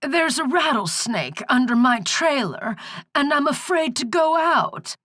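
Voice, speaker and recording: A croaking, high old crone, cantankerous and folksy, with a strained quality. She is hard of hearing and speaks in a lively, swooping sing-song. The voice sits far above the narrator's own. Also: unhurried, no echo, studio quality. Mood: cranky. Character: hard-of-hearing old country woman, prank caller.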